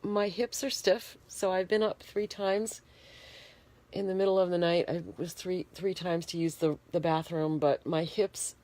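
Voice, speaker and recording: A woman's voice: lowish voice, steady tone, a little mellow. A congested, shivering woman talking plainly to her phone from her bed in a casual video diary. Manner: plain, unhurried, explaining in detail. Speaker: vlogger. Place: bedroom, in bed. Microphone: phone held in hand.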